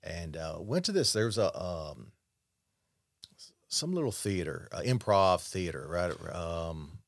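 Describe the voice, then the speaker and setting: A man talking as a podcast guest in casual chat, halting and wry. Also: low voice, lively intonation, dry recording, clean studio sound. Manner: halting, many fillers and restarts, wry.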